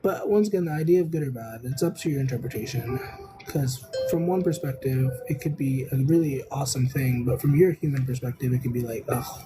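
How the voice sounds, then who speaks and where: A tarot reader hosting a casual live stream, talking in a rambling, unhurried way full of "um"s and "I don't know"s. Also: mid-range voice, music in the background, rough recording.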